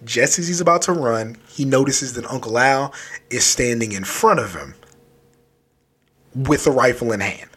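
A man casually recapping a children's horror story, loose and animated, with lots of filler words. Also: medium pitch, moderate pace, breathy edge. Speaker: book reviewer.

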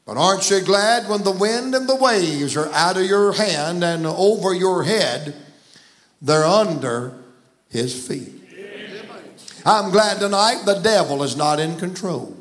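A man's voice: high voice, lively intonation, slow pace, fairly bright tone. A man with a Southern American accent preaching a folksy, emphatic sermon in a church. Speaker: guest preacher. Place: church sanctuary.

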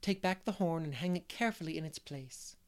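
A man reading aloud, voicing a lively middle-aged unmarried woman who loves make-believe and gushes over her guests. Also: fairly high pitch, brisk, lightly acted. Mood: fond. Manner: gushing, fond of make-believe. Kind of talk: storybook character reading.

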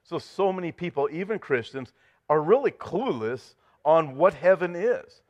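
A man's voice: a little high, lively intonation, unhurried, darkish tone. A man preaching a sermon as pastor, joking with the congregation and reading scripture aloud with rising intensity. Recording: dull sound with long hall reverb.

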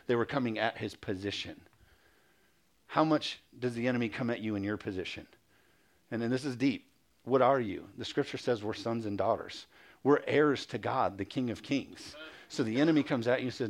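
A male pastor preaches a sermon, reading scripture aloud, calling for amens and throwing in quick mocking asides. His voice is mid-range with vocal fry.

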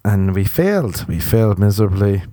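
An Irish man, a comedian, telling rambling comic stories with a slightly hoarse, sick-sounding voice, swearing and acting out dialogue. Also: on the low side, very animated, moderate pace, mellow, dry recording, clean studio sound. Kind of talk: comic storytelling.

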